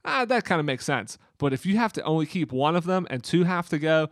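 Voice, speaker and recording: Chatty man explaining, slightly high voice. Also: animated, a little fast, dry recording, studio quality. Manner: explains at length with many fillers and restarts. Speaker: podcast co-host. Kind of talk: casual chat.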